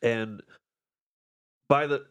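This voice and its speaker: A man's voice: medium pitch, steady tone, extremely slow, fairly bright tone, clear, resonant tone. A man in his twenties, casually telling a joking story as a podcast co-host. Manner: chatty storyteller, jokey. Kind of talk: casual chat.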